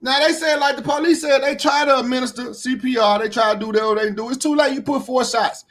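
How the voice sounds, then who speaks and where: Fired-up man ranting in a high voice. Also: steady tone, brisk. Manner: blunt, heated, repeats himself, swears freely; rises to shouting when indignant. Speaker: reaction commentator. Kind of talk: casual reaction commentary.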